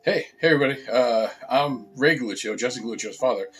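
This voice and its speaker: A man's voice: mid-range voice, fast talker, faint music behind. A middle-aged man who builds puppets, talking in an easygoing, hesitant way. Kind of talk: casual show-and-tell.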